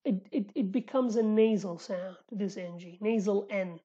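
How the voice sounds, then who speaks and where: A woman with a Sulaymaniyah Kurdish accent teaching vocabulary in a casual lesson, repeating words slowly and correcting herself with chatty asides. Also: mid-range voice, dark tone, slightly rough, lo-fi sound. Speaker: language teacher.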